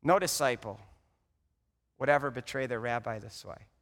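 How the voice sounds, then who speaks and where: A man preaching a sermon, telling the story dramatically and swinging from loud to hushed. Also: medium pitch, moderate pace. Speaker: pastor. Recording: long hall reverb.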